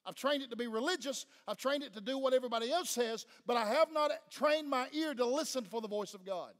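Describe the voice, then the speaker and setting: A Tennessee pastor with a Southern US accent preaches a fervent sermon in a church sanctuary, pressing the congregation with questions. His voice is very high-pitched and fast, and the recording carries a long church-hall reverb.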